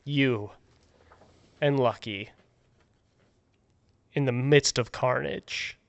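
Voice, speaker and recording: A man narrating a tabletop game as game master, telling the story slowly with fillers. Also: medium pitch, gravelly. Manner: slow, relaxed storytelling with fillers.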